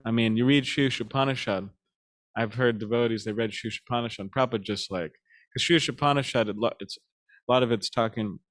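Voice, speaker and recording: A man leads a devotional class in a loose, conversational way. He stops and restarts often, fills pauses with ums, and his mid-range voice carries an easy chuckle through his stories. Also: medium pitch. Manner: halting, with many fillers and restarts; chuckles while telling stories. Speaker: speaker giving a scripture class.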